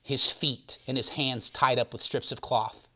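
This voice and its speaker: A man preaching a sermon, swinging between loud proclaiming and hushed, dramatic storytelling. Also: mid-range voice, fairly even intonation, unhurried, in a whisper.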